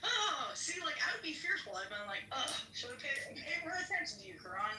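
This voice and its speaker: A woman's voice: sits high, sing-song, a little fast, bright, forceful tone, roomy sound, recorded from a distance, soft background music. A woman heckling and laughing during a casual online debate.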